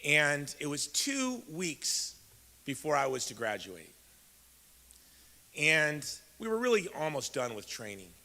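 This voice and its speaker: A man's voice: a little high, big pitch swings, slow pace, vocal fry, sharp tone. A man in his fifties from Chicago giving a keynote speech, telling a personal story in a conversational way and speaking straight to the audience. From Chicago, USA. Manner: conversational, addresses the audience directly. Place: large event hall. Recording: echoey hall.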